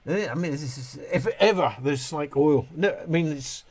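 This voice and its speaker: A man with a fairly high voice and a moderate pace hosts a casual live stream, reading chat questions aloud. He's animated, ranting and laughing often as he answers.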